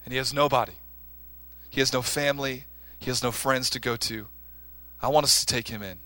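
A man voicing a young soldier who quietly and haltingly pleads with his mother in a sermon story. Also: medium pitch, fairly even intonation, no echo, voice pushed down, lightly acted. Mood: pleading.

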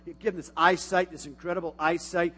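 A middle-aged man preaching from the pulpit in a high, ringing voice, carried by a long church-hall reverb. He drops to near-whispered asides, then bursts out loud. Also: fast, husky. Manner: animated preaching, swinging from quiet asides to loud exclamations. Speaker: pastor. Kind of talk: sermon. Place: church sanctuary.

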